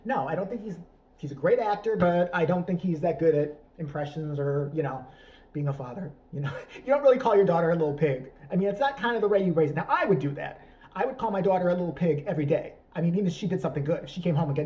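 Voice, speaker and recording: A man's voice: fairly high pitch, animated, fast, mellow, poor audio. A man hosting a profane comedic rant, crude, sarcastic and rambling. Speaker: YouTube commentator.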